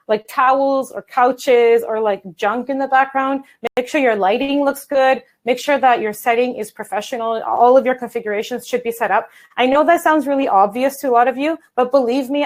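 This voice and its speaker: A woman English coach giving an online workshop talk from a standing desk, energetic and chatty, calling her viewers guys. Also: a little high, rough recording. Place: home office at a standing desk. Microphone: video call.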